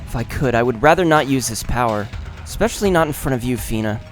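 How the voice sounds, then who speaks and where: A man voicing a sorrowful young woman with wings in a game, quiet and resigned. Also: mid-range voice, animated, fast talker, faint music behind, close to an everyday voice. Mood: somber.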